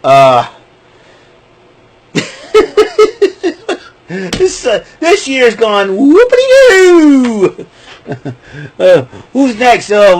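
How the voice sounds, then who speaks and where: Excitable high-voiced man ranting. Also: slightly rough, low-quality recording. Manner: excitable, jokey, rants then laughs. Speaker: vlogger. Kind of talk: casual rambling monologue.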